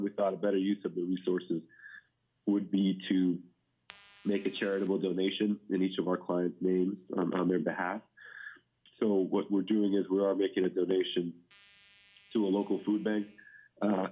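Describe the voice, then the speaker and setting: Middle-aged guy explaining rules to a pension board, really low voice, dull meeting audio. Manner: measured, many fillers and restarts. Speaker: pension plan consultant. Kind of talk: briefing at a public board meeting.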